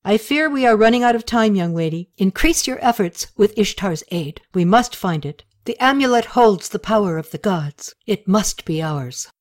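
A woman reading the part of a stern, scheming male high priest, in a grave and insistent manner. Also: animated, moderate pace, hardly any pauses, lightly acted.

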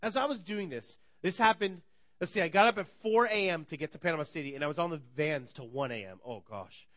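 A man's voice: on the high side, quick pace, no echo. A man in his thirties preaching a sermon, telling stories with energy, acting out conversations and laughing often. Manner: energetic storytelling, acts out dialogue, laughs often. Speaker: pastor.

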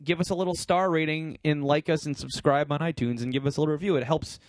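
A man's voice: on the high side, steady tone, fast, no room sound, studio quality. A man co-hosting a podcast in a casual chat, loose and wry. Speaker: podcast co-host.

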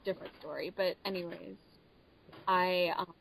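A woman's voice: on the low side, steady tone, normal speed, vocal fry, very noisy. Chatty young woman telling stories. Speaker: podcast co-host. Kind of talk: casual chat.

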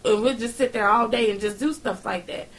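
A woman co-hosting a casual chat show, joking around with loud laughs and playful bits. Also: on the high side, a little fast. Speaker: co-host. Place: studio.

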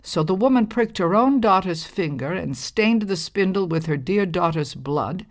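A woman reading a storybook aloud with calm, measured, expressive narration. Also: fairly low pitch.

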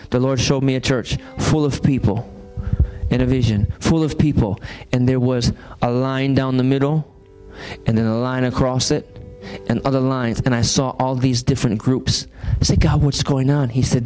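A man's voice: mid-range voice, a little mellow. A man, preaching a sermon as pastor and throwing rhetorical questions at his congregation. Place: church sanctuary.

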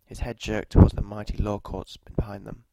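A man narrating a scripted story in a measured, even delivery, with walking directions at the end. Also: on the low side, very noisy.

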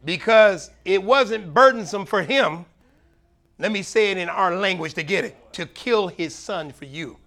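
High-pitched guy preaching, middle-aged pastor, gets loud then drops way down low. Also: a little slow. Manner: animated preaching, swinging between loud highs and low murmurs. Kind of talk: sermon.

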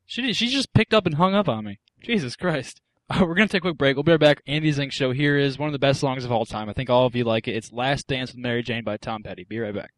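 A man's voice: medium pitch, quick pace, no echo. A man hosting a comedy podcast in casual chat, rowdy and often laughing. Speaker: podcast host.

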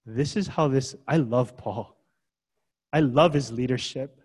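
A man's voice: mid-range voice, measured pace, a little mellow, breathy edge. A man preaching a sermon as pastor, in a casual, conversational way full of rhetorical questions. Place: church gathering.

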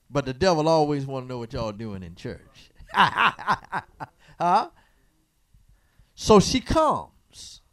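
A man preaches in a sanctuary, teaching from the Bible call-and-response style. His voice sits high and swings widely in pitch. He teases the congregation and keeps prompting them to answer. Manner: asks the congregation to fill in words, teasing and preacherly. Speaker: pastor. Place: church sanctuary.

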